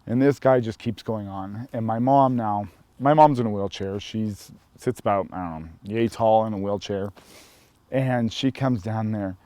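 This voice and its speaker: A man from Montana casually telling a personal story in a relaxed, rambling way, full of "you know" fillers. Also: fairly low pitch, normal speed, dry recording. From Helena, Montana. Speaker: storyteller sharing his coming-out experience.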